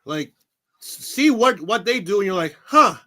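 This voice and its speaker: Man from New York City, high voice, very lively pitch, acts out quoted voices, laughs a lot, interview guest. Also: moderate pace. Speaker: guest, pro wrestler. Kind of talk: casual interview storytelling.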